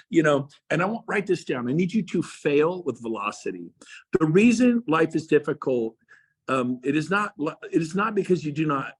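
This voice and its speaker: A man's voice: a little high, slightly rough. A man, a real estate coach, giving an emphatic motivational speech to agents and firing rhetorical questions at them. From Texas.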